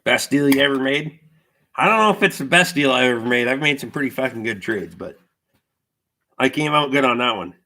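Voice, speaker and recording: A middle-aged man hosts a livestream in a mid-range, expressive voice, brisk and sharp in tone. He chats casually with viewers, telling rambling, profane stories and reading their comments aloud.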